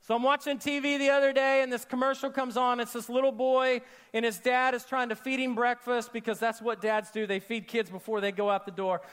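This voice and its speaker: A male pastor with a notably high voice preaches to a church congregation. He talks in an animated way, acts out the people he quotes, and sinks into hushed, intimate tones to drive home a point. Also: a little fast, hardly any pauses, clean tone. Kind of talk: sermon.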